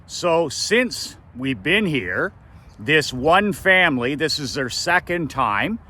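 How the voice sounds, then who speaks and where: A middle-aged Canadian business coach tells a family story in a casual vlog, speaking emphatically and repeating phrases for effect. His fairly high voice swings widely in pitch, sounding pushed and bright, and he talks slowly.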